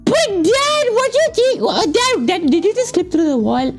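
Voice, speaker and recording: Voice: very high voice, sing-song, normal speed, soft background music, exaggerated voice. A player voicing a clingy little radish son who whines and pleads with his dad, in a game voice-over. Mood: whiny pleading. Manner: whiny, pleading, often shouting "Dad".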